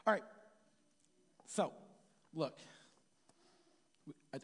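A man's voice: sits high, expressive, brisk. A man giving an informal, rambling sermon in a conversational way, often asking "right?". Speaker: preacher. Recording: reverberant hall with soft music.

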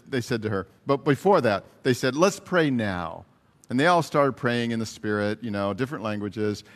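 A man preaching a sermon, telling a story in a lively way and acting out what the people in it said. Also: on the low side. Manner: animated storyteller, acts out quoted voices, chuckles between lines. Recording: reverberant hall.

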